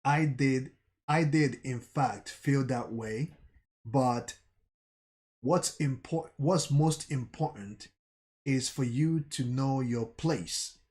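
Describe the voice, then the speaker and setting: Composed woman commander, calm and slow, read by a man. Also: mid-range voice, lightly acted. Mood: cool.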